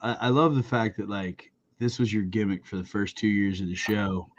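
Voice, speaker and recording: A man's voice: lowish voice, normal speed, muffled recording. A man co-hosting a wrestling podcast, chatting casually with loose, profane jokes. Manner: profane, joking, rambling. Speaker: podcast co-host. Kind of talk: casual chat.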